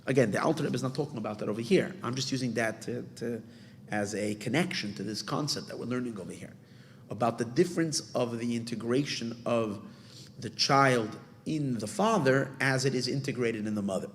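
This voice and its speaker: Rabbi lecturing in a reverberant hall. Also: male voice, mid-range voice, fairly quick, slight background noise. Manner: earnest explaining, many restarts, mixes Hebrew terms. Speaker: rabbi teaching a class. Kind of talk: Torah class lecture.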